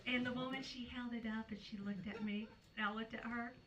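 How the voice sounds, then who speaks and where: A woman's voice: on the high side, fairly even intonation, brisk, far from the mic, rough recording. A woman comedian doing a brash, frank stand-up set and laughing at her own jokes. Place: live comedy venue.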